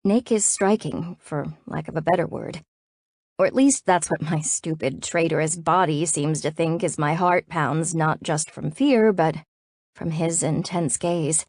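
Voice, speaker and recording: Female audiobook narrator, first-person romance; lowish voice, dry booth sound, expressive with tense peaks. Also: a little slow, no echo. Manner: expressive, rising to tense urgency in anxious passages.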